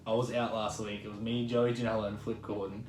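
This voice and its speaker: A man, a guest collector chatting casually and telling animated stories as he shows off his collection. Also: fairly low pitch, quick pace. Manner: animated storyteller, excitable. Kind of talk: casual chat. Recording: roomy echo with music behind.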